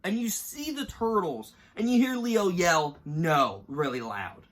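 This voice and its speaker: A man's voice: sits high, wildly swooping pitch, a little slow. A man in his twenties talking through a ranked list in a casual vlog, rambling and emotional, fighting back tears now and then. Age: 20s. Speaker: YouTuber ranking cartoon moments.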